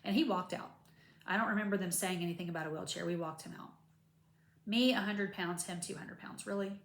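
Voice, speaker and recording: A woman vlogger chats casually to camera about recovering from surgery, rambling and retelling things animatedly with plenty of asides. Her voice is fairly low, brisk and creaky, with a roomy sound.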